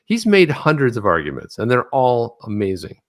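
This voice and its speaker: A man co-hosting a casual livestream chat, animated, telling stories and reading tweets aloud. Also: mid-range voice, normal speed. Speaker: co-host of a crypto news livestream.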